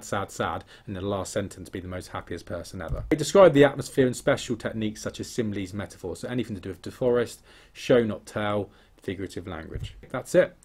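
Soft-edged man teaching an English lesson. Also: on the low side. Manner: explanatory, often checks in with "okay?" and "yeah?". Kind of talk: recorded exam-prep lesson over slides.

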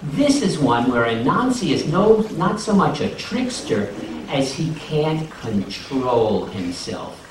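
Animated male storyteller in an echoey room. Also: takes it slowly. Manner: animated, asks the children questions, voices rise high in excitement. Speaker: storyteller and folk singer. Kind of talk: live storytelling for children. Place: school room with a child audience. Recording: echoey room from far off, noisy.

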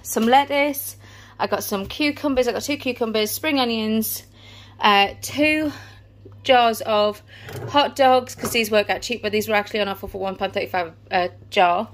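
A woman's voice: on the high side, normal speed. A British woman in her thirties, out of breath, chatting casually through a family shopping haul. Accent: British English. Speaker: family vlogger. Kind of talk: casual vlog chat.

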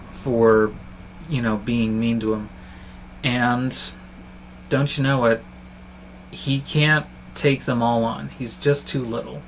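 A man's voice: medium pitch, slight background noise, low-quality recording. Chatty man rambling through a film review. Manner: chatty, fond and rambling, with frequent restarts. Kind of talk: casual review vlog.

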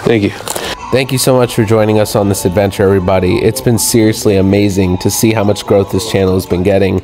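Enthusiastic outdoor vlogger man, low voice. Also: fairly even intonation, fast. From Ohio. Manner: enthusiastic, chatty. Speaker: wildlife vlogger. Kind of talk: casual outdoor vlog narration. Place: outdoors in hill country at night. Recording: noisy outdoor ambience.

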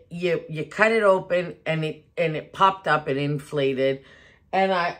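A middle-aged woman, chatting casually to camera in an animated way, laughing often and restarting her sentences. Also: fairly low pitch. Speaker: home decor vlogger. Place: home bedroom.

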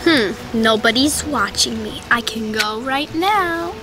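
A woman's voice: fairly high pitch, expressive, slow, noisy background. A woman voicing a mischievous little girl doll who schemes with sneaky giggles in doll play.

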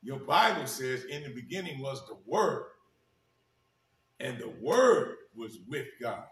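A male pastor preaching a sermon, repeating key phrases with emphasis and slowing down to read scripture. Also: mid-range voice, sing-song, fairly bright tone. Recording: echoey room, mic at a distance.

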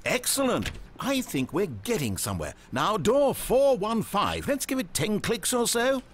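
A man's voice: high-pitched, huge pitch swings, a little slow, a little hiss or hum, exaggerated voice. An actor playing a smug, chatty male game narrator with a wry, theatrical manner. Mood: cheering on.

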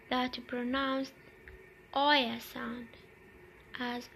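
Young woman, high voice, very slow pace, deliberate repeated examples, faint hiss. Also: creaky, a bit bright, low-quality recording. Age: young adult. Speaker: university student presenter. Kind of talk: slow classroom presentation on phonetics.

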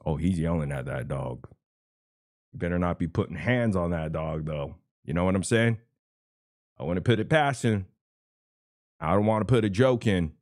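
A man's voice: low voice, no echo, studio quality. A man streaming his reactions to a clip, mocking and profane, laughing often. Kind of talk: casual reaction commentary.

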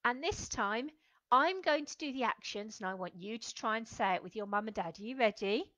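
A woman leading a children's lesson, speaking slowly and gently and acting out feelings for her young viewers. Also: on the high side, lively intonation, no echo. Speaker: children's club leader.

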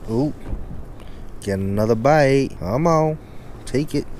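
A man's voice: medium pitch, expressive, takes it slowly, a little mellow, a little hiss or hum. A man vlogging from a kayak on the ocean, chatting casually while he fishes, coaxing and scolding his catch with frequent exclamations, recorded on a camera-mounted mic. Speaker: fishing vlogger. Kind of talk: casual play-by-play while fishing. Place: on a kayak on the open ocean, outdoors. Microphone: camera-mounted external mic.

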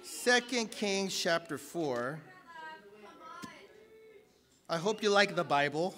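High, bright-voiced energetic preacher man. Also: slow pace. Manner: energetic, joking, shouts at peaks. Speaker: guest preacher. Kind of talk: sermon.

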